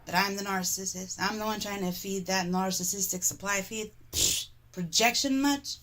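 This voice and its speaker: Streamer woman venting, fed up, swearing a lot, middle pitch. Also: normal speed, a bit bright. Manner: exasperated, heavily profane ranting. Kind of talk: livestream rant.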